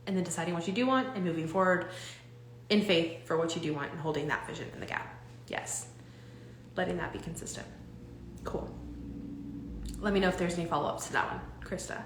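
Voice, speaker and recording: A young woman coaching her audience on a live stream, talking in an animated, rambling way with many restarts. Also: fairly low pitch, fairly quick, long pauses, reverberant, slight background noise.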